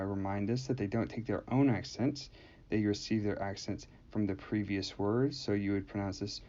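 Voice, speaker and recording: A man teaching Greek grammar in a measured, explanatory voice-over, pausing often with "uh". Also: on the low side, dark tone, muffled recording. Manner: measured, explanatory, with frequent "uh" pauses. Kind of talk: scripted lesson narration.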